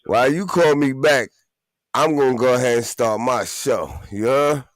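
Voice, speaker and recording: A man's voice: medium pitch, moderate pace, dry recording. A man hosting a casual live show from his basement, slangy and laid-back, often laughing. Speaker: host. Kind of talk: casual live-stream chat.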